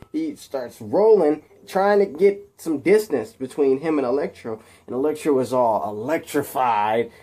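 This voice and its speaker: A man's voice: mid-range voice, mellow. A man telling a superhero story off the cuff, rambling with many fillers and restarts, throwing in his own sound effects. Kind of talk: improvised spoken fan story.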